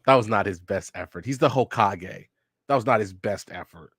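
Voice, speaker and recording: Casting note: man with a lowish voice, slangy and joking, reading manga aloud with a casual reaction, dry close sound. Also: normal speed, fairly bright tone, no room sound. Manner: slangy, joking, reads panels aloud in plain voice. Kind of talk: casual read-along reaction.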